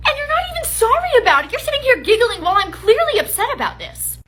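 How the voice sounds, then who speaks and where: A woman's voice: very high-pitched, expressive, fairly quick, sharp tone, exaggerated voice. A woman voicing an indignant teenage boy who accuses his teacher of favoritism. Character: aggrieved teenage boy student, self-righteous.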